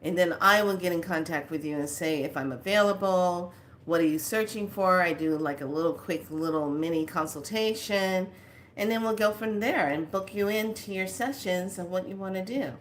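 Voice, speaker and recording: A chatty woman from California talks casually to her viewers in a fairly low voice. She rambles, laughs often and plays up her stories. A faint hiss sits under the recording. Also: moderate pace. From California, United States. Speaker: spiritual consultant and author. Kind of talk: casual livestream chat.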